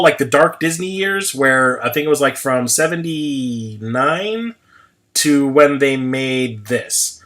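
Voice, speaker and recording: A man's voice: mid-range voice, bright, forceful tone. A man in his forties chatting casually on a livestream, rambling, swearing freely and laughing at himself. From United States. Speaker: livestream host.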